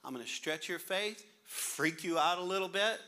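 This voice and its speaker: A middle-aged pastor with a high-pitched voice preaches at a moderate pace, reading scripture and acting out funny little scenes with his kids. His manner is animated and humorous.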